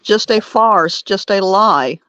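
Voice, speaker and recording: A woman's voice: mid-range voice, takes it slowly, fairly bright tone, no echo. A woman guest in an online discussion, emphatic and laughing between points, heard over lo-fi call audio.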